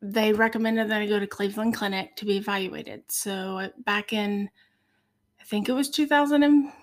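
A woman's voice: mid-range voice, fairly even intonation. Earnest woman sharing her faith story. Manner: earnest, heartfelt storytelling with many pauses and fillers. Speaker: podcast guest. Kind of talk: personal faith testimony.

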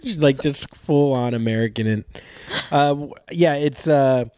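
A man's voice: mid-range voice, a little slow, warm tone, smooth, no room sound. A man hosting a podcast, chatting casually and joking with frequent laughs. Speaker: podcast host. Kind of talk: casual chat.

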